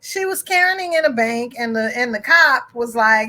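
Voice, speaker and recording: A woman co-hosting a podcast, retelling a story in casual chat, acting out the people in it and laughing loudly. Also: a little high, normal speed. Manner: animated retelling with acted voices and loud laughter. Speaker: podcast co-host.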